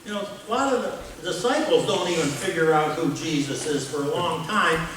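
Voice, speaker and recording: A man preaching a sermon as pastor, telling the story in an animated way, with playful sound effects and questions to the congregation. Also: a little high, moderate pace. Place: church sanctuary. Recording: very echoey church room from a distance with noise.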